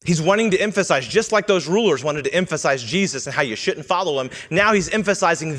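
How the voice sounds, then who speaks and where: A man's voice: fairly high pitch, animated, fast, hardly any pauses, fairly bright tone. Man preaching in a reverberant church hall. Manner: earnest, teaching, with quoted lines read in character. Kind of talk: sermon. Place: church sanctuary.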